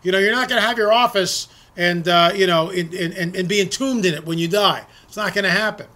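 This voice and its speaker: A man's voice: high-pitched, brisk, sharp tone. A middle-aged man hosting an opinionated political monologue, talking emphatically and repeating words as he presses his points. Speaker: political commentary host.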